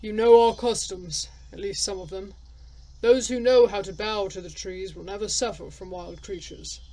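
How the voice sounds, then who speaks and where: A woman's voice: medium pitch, steady tone, moderate pace, warm tone, close to an everyday voice, rough recording. A woman voicing a stern old male forest hermit who talks in blunt, curt, unwelcoming lines for a story game.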